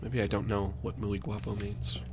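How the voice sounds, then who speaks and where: A man's voice: on the low side, monotone, normal speed, background noise. A man streaming a game, rambling through jokey asides as he plays. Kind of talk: casual gaming commentary.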